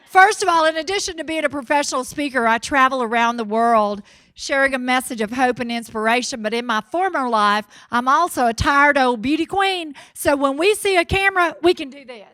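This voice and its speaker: A woman from Mississippi with a Southern accent, giving an energetic, folksy motivational keynote on a stage mic. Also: sits high, fairly quick, no room sound. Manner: energetic, folksy, cheering the crowd on. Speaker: motivational speaker. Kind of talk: keynote speech to a live audience.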